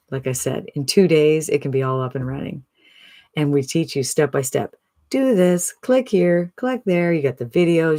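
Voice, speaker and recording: A speaker in their sixties giving an upbeat, chatty sales pitch to camera, often tossing in a rhetorical "right?". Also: a little mellow, dry recording. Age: 60s. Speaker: online business promoter.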